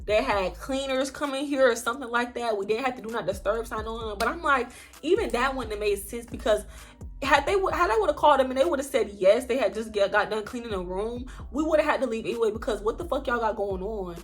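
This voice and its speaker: A young woman telling a story in a casual vlog, animated and chatty, with frequent swearing. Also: a little high, fast. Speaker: vlogger.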